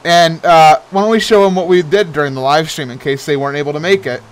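A man co-hosting a casual gaming video, giggly and excitable, breaking into high squeals. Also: quick pace, clean tone. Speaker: co-host of a game series.

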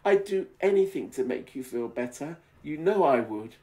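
A man's voice: a little high, animated, moderate pace, mellow, far from the mic, pitched above the performer's own voice, close to an everyday voice. A man voicing an anxious, earnest young man from a romance story, hamming it up.

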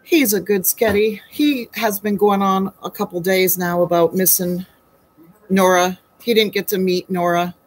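Heard on a low-quality recording, this home baker talks viewers through a live demo with a steady, unhurried, medium-pitched voice. She's chatty, poses rhetorical questions, and addresses her audience as honey and sweetie.

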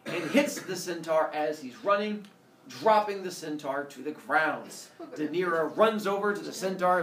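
Animated man telling a myth. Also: fairly high pitch, normal speed, noisy background. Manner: animated, playful, asks the class questions. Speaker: teacher. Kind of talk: storytelling to a class. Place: classroom. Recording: echoey classroom from far off.

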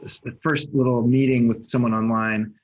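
A man's voice: mid-range voice, moderate pace, highs cut off. A man co-hosting a podcast, chatting casually and acting out both sides of a hypnosis session as he retells it. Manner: animated storytelling, acting out both sides of a conversation. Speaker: podcast co-host and hypnosis coach. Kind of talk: casual chat.

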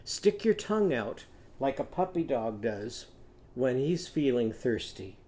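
A man teaches a children's phonics lesson, telling a short story and leading simple songs, singing lines for young learners to echo back. He speaks at a medium pitch, unhurried, in an animated, coaxing way.

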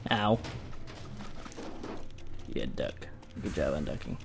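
A young man giving goofy, exclamatory commentary while playing a game, jumping between loud yelps and low mutters. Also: huge pitch swings, slow, gravelly, long pauses, music in the background. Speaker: gamer.

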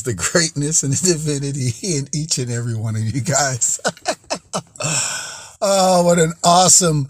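Giggly upbeat man, slow and chatty. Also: medium pitch, dry recording, clean studio sound. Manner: laughs often between phrases, drawn-out and playful; chatty, addresses viewers as guys and folks. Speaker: vlog host. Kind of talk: upbeat motivational monologue.

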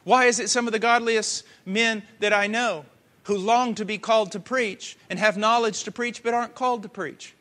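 A man preaching a sermon with passion, swinging from hushed earnest tones to loud cries. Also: sits high, fairly even intonation, moderate pace.

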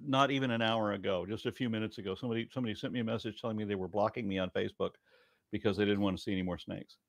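A man hosting a livestream panel, chatting casually with dry, deadpan jokes. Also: fairly low pitch, racing, gravelly, no room sound. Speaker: livestream host.

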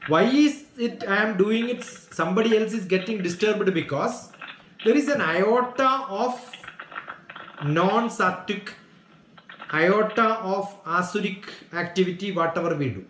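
High-voiced man teaching in an echoey room. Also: unhurried, a bit bright, slight background noise. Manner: earnest, explanatory, asks "Got it?" to check understanding. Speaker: spiritual teacher answering questions. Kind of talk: question-and-answer teaching.

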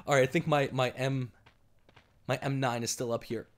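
A man doing let's play commentary, excitable, swinging between yelling and muttering. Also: mid-range voice, moderate pace. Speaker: gameplay commentator.

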